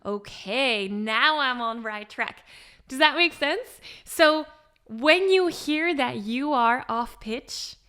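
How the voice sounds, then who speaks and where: A woman vocal coach explaining pitch step by step in an encouraging way, with short sung demonstrations. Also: lively intonation, takes it slowly, pushed and bright, smooth. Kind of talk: singing lesson with sung demonstrations.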